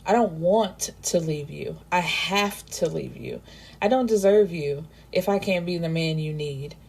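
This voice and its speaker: A woman's voice: sits low, measured pace, gravelly, darkish tone, slightly rough, heavily acted. A woman voicing a remorseful young man pleading with the woman he loves, in a book recap. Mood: resigned. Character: heartbroken guilt-ridden young man.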